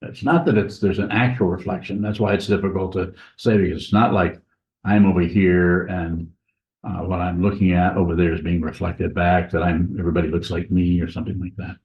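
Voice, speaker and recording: A man with a very low voice gives a slow, halting Dharma talk, pausing often and circling back on his words. He speaks in a monastery meditation hall. The recording is echoey and a little dull. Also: little pitch movement. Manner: slow, halting, many pauses and restarts. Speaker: Buddhist teacher.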